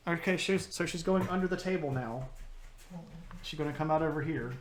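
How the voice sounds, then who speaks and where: A man chatting casually with his live-stream viewers, rambling and halting as he goes over the schedule. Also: on the high side. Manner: rambling, halting, talks baby talk to his dog. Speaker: history streamer.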